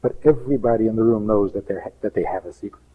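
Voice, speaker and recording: Husky rabbi over a phone-thin line. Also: male voice, lowish voice, quick pace, narrow, tinny audio. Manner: emphatic, rhetorical questions, acts out quoted voices. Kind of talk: teaching talk on relationships.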